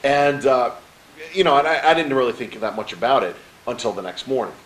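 In a rough recording, a middle-aged man speaks fairly quickly at a medium pitch while sharing a personal story as a guest on an interview. A motivational speaker by trade, he performs the quoted lines with energy and repeatedly checks in with the host by asking "right?"

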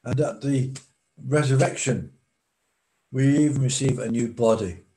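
A male preacher delivering a sermon with a mellow, warm tone. He speaks slowly and deliberately, leaning on pauses to let each phrase land. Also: mid-range voice, poor audio.

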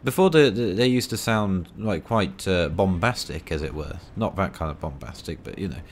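A man with a very low, deep voice talks over his gameplay in a loose, rambling way. He pokes fun at himself and throws in dry little asides as he plays. A faint hiss sits under his voice. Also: lively intonation, moderate pace. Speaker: gaming video creator.

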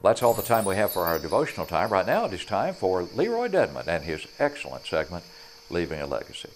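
A man giving a devotional Bible lesson on a religious TV program, speaking in an earnest, measured way. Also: sits low, huge pitch swings, slight background noise. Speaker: preacher. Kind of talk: devotional sermon.

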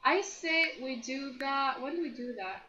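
A young woman casually commentating a life-sim game, chatty and excitable, gushing over what happens on screen. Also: high-pitched, unhurried, highs cut off, slight background noise. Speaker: gameplay commentator. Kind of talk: casual let's-play commentary. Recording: roomy echo.

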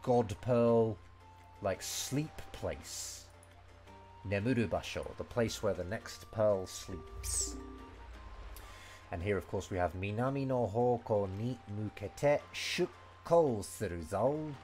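A man's voice: lowish voice, expressive, takes it slowly, a little mellow, soft background music. A man teaching Japanese vocabulary and grammar in a casual, rambling way, full of fillers and restarts. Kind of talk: casual game-based language lesson.

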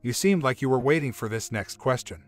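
A man voicing a curious, sympathetic young woman reporter in a narrated story, gentle and inquiring. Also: mid-range voice, animated, brisk, faint music behind, close to an everyday voice.

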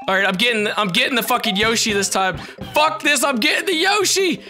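A hoarse man giving excited gameplay commentary, yelling and swearing as he plays. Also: very high-pitched, a little fast, soft background music. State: hoarse from shouting. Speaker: video game player.

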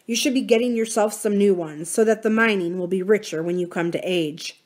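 Woman reading as a soft-spoken wise old man. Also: medium pitch, close to an everyday voice. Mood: musing. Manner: soft, slow and musing. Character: wise, gentle older man, reflective.

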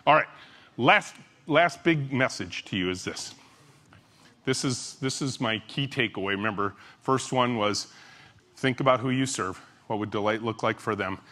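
A middle-aged man, a company CEO, giving a conference keynote. He tells stories animatedly, jumping between loud exclamations and hushed asides. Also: medium pitch. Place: conference stage.

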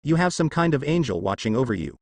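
A man reads as a baffled hospital doctor running through findings in a clinical manner. The voice moves widely in pitch. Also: big pitch swings, fast talker, no room sound. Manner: clinical, puzzled.

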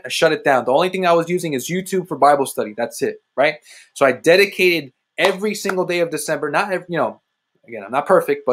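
Emphatic man giving a testimony. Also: a bit bright. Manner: emphatic, repetitive, preacherly with sudden rises in pitch. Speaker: ministry host giving testimony. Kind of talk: personal testimony livestream.

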